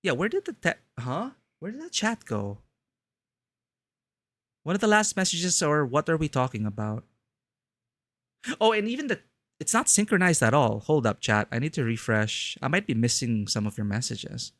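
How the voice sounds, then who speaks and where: A man talks casually to his stream chat while playing a game, rambling and breaking off his own sentences. His voice is bright and forward, recorded very dry on a close mic. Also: a little high, very animated, normal speed, long pauses, dry recording. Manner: rambling, self-interrupting.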